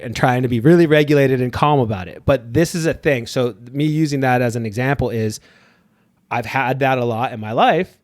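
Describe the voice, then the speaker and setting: A man's voice: medium pitch, fairly quick, no room sound, studio quality. A man on a podcast, a therapist talking casually and animatedly, slipping into voices of people he quotes and swearing now and then. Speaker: therapist guest.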